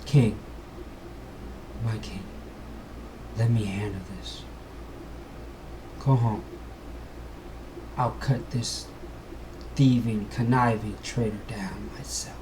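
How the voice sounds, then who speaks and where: A man voicing a stern, loyal warrior in an improvised fantasy story, speaking low and quiet with menace. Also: fairly even intonation, slow, pauses often, noisy background. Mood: grim.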